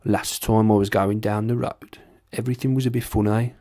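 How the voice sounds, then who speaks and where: A man's voice: on the low side, steady tone, brisk, dark tone, lightly acted. A man imitating a Birmingham accent, sing-songy, with each sentence rising like a question. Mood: drawling.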